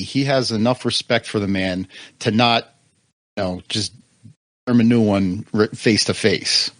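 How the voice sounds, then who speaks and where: A man's voice: lowish voice, no room sound. A man co-hosting a podcast, chatting and analysing a film casually. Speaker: podcast co-host.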